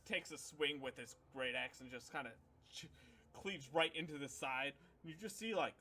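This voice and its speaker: A man's voice: a little high, moderate pace, bright, forceful tone. A man narrating a tabletop game as game master, telling it loosely with lots of fillers. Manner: loose, filler-heavy storytelling.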